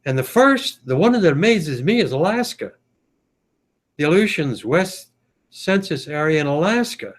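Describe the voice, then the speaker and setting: A man from the United States hosting a casual video call chat, thinking aloud with many pauses and fillers. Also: a little high, big pitch swings. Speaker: podcast host.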